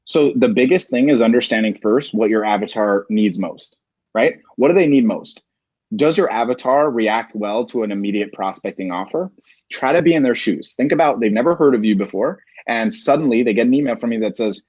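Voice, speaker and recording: A man talks through sales advice with emphatic, motivational energy. His voice is husky at mid pitch. The recording is dry and a bit dull. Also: darkish tone, no room sound. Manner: emphatic, rhetorical "right?" tags. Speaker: sales coach, interview guest. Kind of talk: motivational interview talk. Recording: dry, muffled lo-fi sound.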